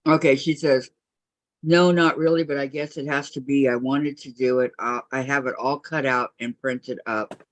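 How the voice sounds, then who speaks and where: A woman's voice: extremely low pitch, fairly even intonation, normal speed, no echo. A woman hosting a casual quilting live stream, chatting, laughing and reading viewer comments aloud. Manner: chatty, laughs often, reads chat aloud. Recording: muffled lo-fi dry audio.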